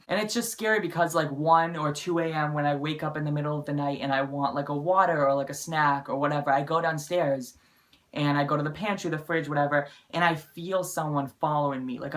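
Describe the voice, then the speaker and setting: A man's voice: a little high, a bit bright. A young man vlogging, telling a story in a rambling, emphatic way, filling nearly every phrase with "like" and swearing for emphasis. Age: young adult. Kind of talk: casual storytelling to camera.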